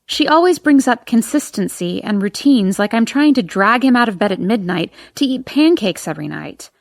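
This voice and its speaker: A woman narrating a first-person audiobook in an expressive, emotional reading. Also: fairly high pitch, vocal fry, dry recording, clean studio sound.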